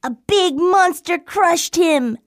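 A woman's voice: very high-pitched, takes it slowly, background noise. Woman doing a curious big brother frog. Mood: earnest. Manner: playful and insistent. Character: curious, stubborn older boy frog. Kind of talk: storybook acting.

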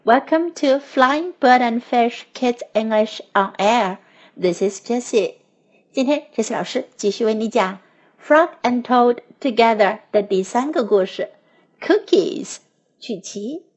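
Slow, expressive woman reading a children's story. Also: a little high, dull audio. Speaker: children's English teacher.

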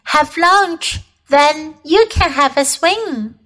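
Woman voicing a young child, caring, eager, slightly scolding, high voice, storybook, lines repeated in two languages. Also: slow pace, exaggerated voice. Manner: bright, eager, bilingual repeats. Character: caring young child looking after a pet tiger.

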